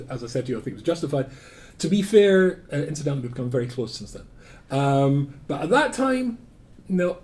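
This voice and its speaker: An older man with a Scottish accent, a rabbi giving a lecture and telling stories with dry humor. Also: on the high side. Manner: animated storytelling with humor and asides.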